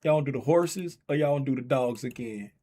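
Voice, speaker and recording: Speaking at a quick pace with a medium-pitched voice, this male streamer runs a casual trading show. He jokes loosely with his chat and gets loud and worked up calling out a giveaway race.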